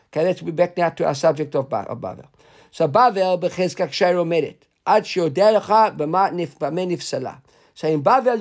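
A man's voice: on the high side, creaky, a little mellow. A man teaching a Talmud class, reading Hebrew and Aramaic aloud and explaining it in casual English with frequent asides. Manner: filler-heavy asides, halting restarts.

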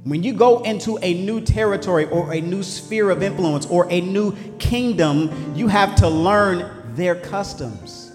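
A man preaching a sermon, swinging between shouted lines and low asides in call-and-response style. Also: expressive, a little slow, hardly any pauses. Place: church sanctuary. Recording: echoey hall with faint music.

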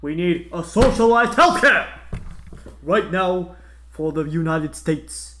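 A man's voice: a little high, animated, slow pace, bright, forceful tone, reverberant, full character voice. A man doing a loose impression of a campaigning senator who speaks in slogans. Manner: speechifying, slogan-like.

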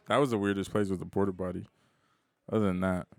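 A man's voice: low-pitched, brisk, gravelly, no echo. A man co-hosting a podcast, telling a story in a loose, slangy, profane way. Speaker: podcast co-host. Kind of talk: casual storytelling chat.

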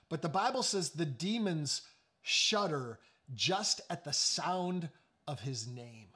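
A male pastor preaching a sermon, animated, with joking asides and sudden drops to hushed, slow emphasis. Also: high voice.

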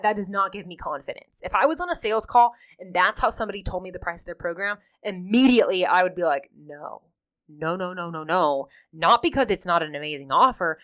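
A woman in her thirties, an online business coach, teaching in an animated, emphatic way and often checking in with "okay?". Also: mid-range voice. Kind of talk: teaching talk to camera.

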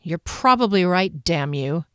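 A woman's voice: lowish voice, animated, a little slow, a bit bright, smooth, dry recording, studio quality. A woman narrator voicing a stern, earnest male knight who speaks formally and reprovingly.

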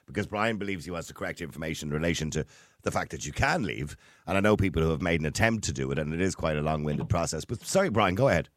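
A man hosting a radio phone-in, talking quickly, cutting in firmly but politely. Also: very deep voice, animated, dry recording, clean studio sound. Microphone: studio microphone.

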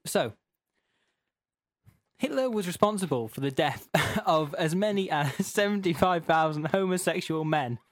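A man's voice: fairly high pitch, a little slow, no echo, clean studio sound. Giggly man narrating a comic adventure. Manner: wry, giggly, deadpan narration. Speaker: podcast host. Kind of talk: narrating a comic choose-your-own-adventure.

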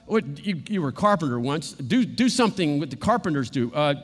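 A man preaching a sermon in a lively, animated way, often acting out what others say. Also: fairly high pitch, normal speed, few pauses, husky, long reverb tail. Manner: animated, acts out quotes in playful voices.

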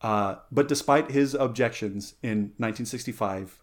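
A man's voice: mid-range voice, normal speed. A man hosting a casual podcast chat, playful and rambling, with lots of fillers, self-corrections and side tangents. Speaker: podcast host.

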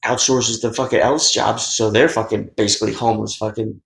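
A man's voice: fairly low pitch, fairly even intonation, a little fast, vocal fry, fairly bright tone. Profane, rambling man. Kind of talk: casual comedic banter. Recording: roomy echo.

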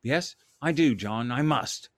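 A man's voice: medium pitch, lively intonation, slow pace, a bit bright, no echo, clean studio sound. A man reading a storybook aloud and voicing a troubled, driven Victorian writer who speaks with urgent, bitter intensity. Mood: determined.

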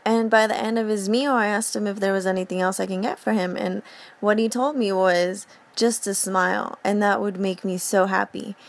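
A woman's voice: mid-range voice, fairly even intonation, normal speed. A woman who works as a server, hosting a vlog and talking in a blunt, sarcastic way. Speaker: restaurant server and vlog host. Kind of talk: casual comedic monologue.

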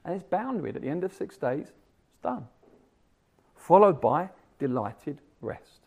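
A man preaching a sermon, animated, swinging from loud emphasis to hushed asides. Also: a little high, unhurried, gravelly, slightly rough.

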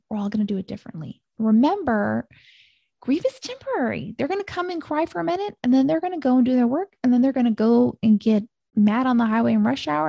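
A woman with a slightly high, gravelly voice gives a gentle, reassuring talk on her own podcast. Her tone is mellow and a little husky, and she often circles back to calming phrases. The sound is dry and close, with no room behind her. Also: no room sound, dull audio. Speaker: podcast host. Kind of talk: solo podcast teaching talk.

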